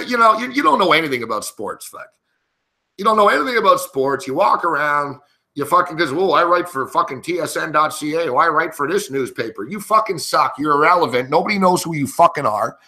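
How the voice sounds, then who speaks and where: A man's voice: on the high side, bright, forceful tone. A man commentating on a sports betting show, telling a rambling story and breaking into a heated, profane rant full of swearing.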